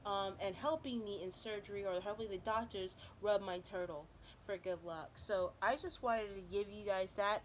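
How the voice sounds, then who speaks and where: A woman at home reads spiritual cards for her viewers in a loose, rambling way, dropping "all right?" after nearly every thought. Her voice sits at an ordinary middle pitch. A faint hum of outdoor noise drifts in through an open window. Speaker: tarot card reader. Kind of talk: casual spiritual reading for viewers. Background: faint noise from outside.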